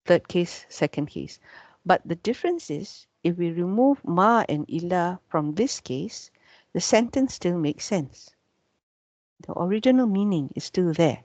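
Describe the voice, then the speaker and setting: A woman's voice: lowish voice, animated, a little slow, darkish tone, no echo. A woman from Malaysia, teaching an online grammar class and patiently repeating points, checking in with "yeah?" between them. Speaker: Arabic teacher.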